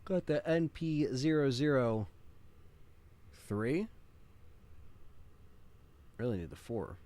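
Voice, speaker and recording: A man chatting casually while streaming a game live, excitable and quick to swear. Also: medium pitch. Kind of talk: casual live gameplay chat.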